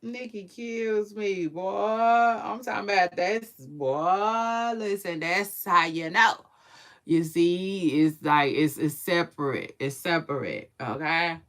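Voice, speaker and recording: A woman giving a casual, slangy reaction commentary, swinging from low mumbles to loud hype. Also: slow.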